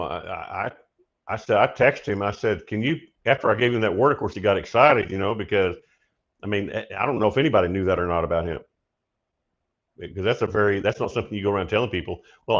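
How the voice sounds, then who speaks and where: Animated storytelling man, slightly muffled. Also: on the low side. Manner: animated, laughs often, shouts when acting out his story. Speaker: prophetic minister and show host. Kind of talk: casual storytelling.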